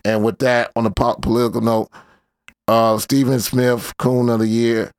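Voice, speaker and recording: A man's voice: medium pitch, level tone, moderate pace, a little mellow, no echo, clean studio sound. A man hosting a casual commentary show, talking in a loose slangy way with lots of fillers. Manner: laid-back slangy rambling, many fillers. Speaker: host.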